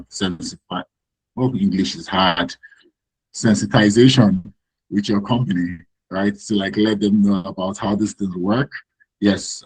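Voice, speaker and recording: A man hosting an online workshop over a video call, talking hesitantly with many pauses and fillers. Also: low-pitched, darkish tone, breathy edge, no echo, poor audio. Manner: hesitant, many ums, friendly. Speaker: workshop host.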